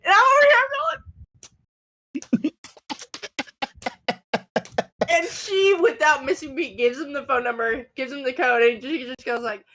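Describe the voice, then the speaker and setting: A woman's voice: high voice, lively intonation, takes it slowly, pauses often, fairly bright tone. A woman co-hosting a casual podcast, telling a story animatedly and acting out the quotes. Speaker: podcast co-host.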